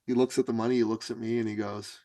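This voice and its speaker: A middle-aged man telling a story as a podcast guest, acting out the voices in it with big leaps in pitch. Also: level tone, fast, dark tone, no room sound. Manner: acts out dialogue with big jumps in pitch. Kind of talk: animated storytelling.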